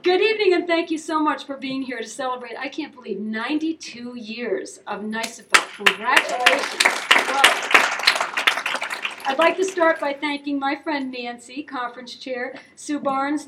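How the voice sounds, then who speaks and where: High-voiced, chatty woman keynote speaker. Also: bright, forceful tone. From upstate New York. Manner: chatty, joking, laughs often. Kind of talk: after-dinner keynote speech. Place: conference hall. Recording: distant mic with faint noise.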